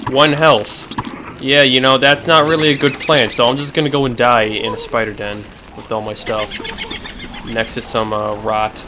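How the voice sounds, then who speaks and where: A man giving profane, excitable commentary while playing a video game, swinging between shouted outbursts and low muttering. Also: moderate pace, background noise. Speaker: let's play gamer. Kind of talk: gaming commentary.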